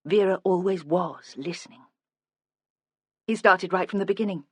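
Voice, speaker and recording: A narrator reading a crime novel aloud in measured, even storytelling. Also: mid-range voice, slightly rough, no room sound. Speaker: audiobook narrator. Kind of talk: scripted narration.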